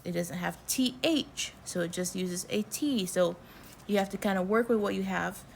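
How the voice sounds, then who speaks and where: A woman's voice: mid-range voice, moderate pace, creaky, a little hiss or hum. A woman with an American accent teaching a language lesson, patiently explaining and repeating example words.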